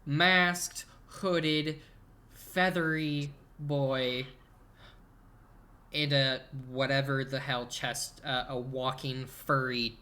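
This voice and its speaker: A man running a tabletop game as game master, narrating haltingly with many fillers. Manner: halting, hesitant narration with lively swings in pitch.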